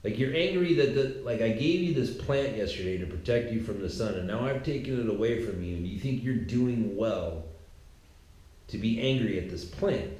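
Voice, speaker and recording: A man casually retelling a Bible story in a slangy, animated, conversational way. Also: on the low side, normal speed. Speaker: podcaster. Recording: echoey room.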